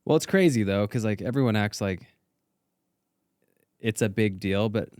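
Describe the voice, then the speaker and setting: A man co-hosting a marketing podcast in casual chat, joking with quick comebacks. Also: on the low side, darkish tone, no room sound, studio quality. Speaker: podcast co-host.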